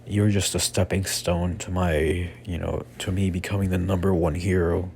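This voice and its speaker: A man's voice: low voice, level tone, moderate pace, creaky, a little mellow, slight background noise. A man voicing a hot-tempered, boastful teenage boy rival, blunt and dismissive.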